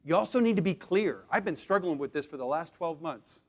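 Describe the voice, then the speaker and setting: A man in his forties teaches a live room how to present. His voice sits a bit high for a man, and he drives his points hard, racing ahead and then braking into slow, deliberate pauses. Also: lively intonation, a little mellow. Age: 40s. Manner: emphatic, swings between punchy speed and slow deliberate pauses. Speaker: presentation skills trainer. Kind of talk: live training talk to a room.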